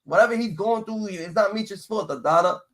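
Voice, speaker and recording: A man's voice: sits high, moderate pace, fairly bright tone. A man streaming a profane, mocking rant in reaction to clips, padding his lines with repeated filler chants. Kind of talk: ranting reaction commentary.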